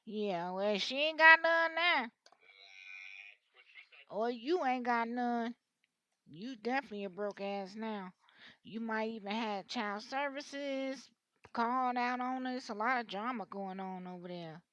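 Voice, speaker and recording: A woman's voice: fairly high pitch, a little slow, sharp tone, dry recording, lo-fi sound. Blunt, cussing woman reading tarot. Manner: blunt, slangy and openly vulgar; rambling, with frequent restarts. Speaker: tarot reader. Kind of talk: casual tarot reading monologue.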